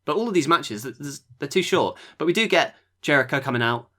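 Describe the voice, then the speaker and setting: A man's voice: fairly high pitch, animated, fairly quick, pushed and bright. A man hosting a podcast, reviewing matches in a rambling casual chat that often trails off. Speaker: podcast host.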